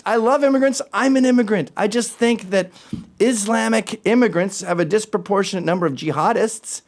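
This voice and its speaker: A man hosting a talk show, ranting in an animated, sarcastic way, jumping between loud remarks and muttered asides. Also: high voice, fairly quick. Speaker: show host. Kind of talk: opinionated talk-show rant.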